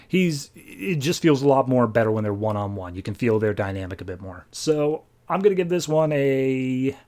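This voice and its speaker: A man hosting a podcast, casually recapping a comic issue and paraphrasing the characters in quick, chatty asides. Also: medium pitch, expressive, a little mellow. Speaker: podcast host.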